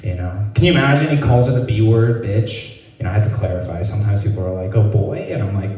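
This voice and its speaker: A young man performing stand-up with a self-deprecating, halting delivery. His voice sits low and mellow. He is heard from some distance, and the space around him is very echoey. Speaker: stand-up comedian. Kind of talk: stand-up comedy set. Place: free comedy show. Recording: roomy echo, mic far off.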